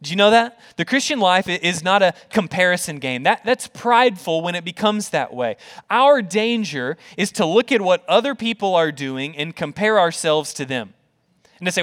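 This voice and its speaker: Guy preaching a sermon, kinda high voice, chatty and earnest, repeats words, asks the crowd questions, gets real quiet sometimes. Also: expressive, normal speed. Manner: earnest, conversational preaching with rhetorical questions and repetitions; drops to a soft, quiet voice for tender points. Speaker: pastor.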